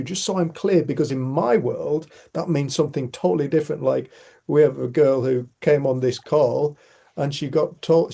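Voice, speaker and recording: A middle-aged Cumbrian man from Northern England, speaking with a Cumbrian accent, facilitates a casual group discussion on a video call. His fairly high voice is mellow and creaky with a breathy edge. He's chatty and teasing, with the odd swear word thrown in.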